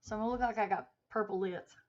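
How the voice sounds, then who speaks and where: A woman's voice: mid-range voice, steady tone, fast, darkish tone. A woman hosting a casual livestream, telling a story with animation and reading out chat comments as she goes. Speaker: livestream host. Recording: muffled lo-fi stream audio.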